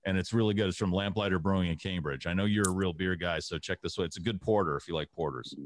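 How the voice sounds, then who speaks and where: A man's voice: low voice, quick pace, a little hiss or hum. A man co-hosting a casual podcast, rambling and laid-back with lots of uhs. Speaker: podcast co-host. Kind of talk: casual chat over beers.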